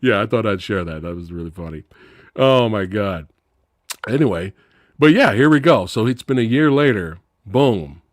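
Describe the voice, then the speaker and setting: Male host, low voice, expressive range, casual film-review banter, dry close sound. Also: normal speed, dry recording. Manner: animated storyteller, acts out voices, laughs loudly. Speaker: podcast host. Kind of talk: casual movie review chat.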